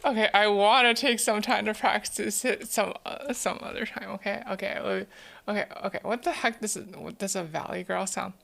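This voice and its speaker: A woman's voice: mid-range voice, fairly even intonation, brisk, vocal fry, a bit bright. A woman streamer chatting casually with her viewers, giggling often and repeating words as she thinks. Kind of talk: casual live-stream chat.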